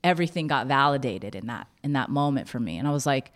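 A woman telling a personal story in a candid, halting way, with many restarts. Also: rumbling low, lively intonation.

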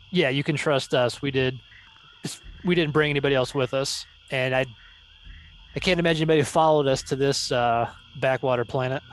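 Wry man playing a tabletop game. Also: mid-range voice. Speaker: player. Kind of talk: in-character tabletop play.

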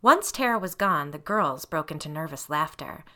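Lively bright-voiced woman storyteller. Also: deep voice, moderate pace. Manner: expressive storytelling. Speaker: narrator. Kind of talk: scripted story narration.

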